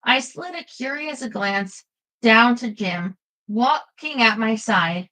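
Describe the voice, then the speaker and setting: A woman giving a lively first-person audiobook narration. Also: on the high side, slow pace, rough recording.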